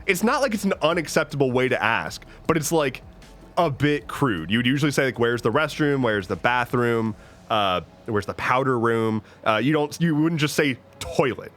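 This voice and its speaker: A man from the United States chats casually on a stream, rambling, joking, swearing, and restarting his sentences a lot. His mid-range voice is expressive and a bit bright, moving at a moderate pace, with faint music in the background.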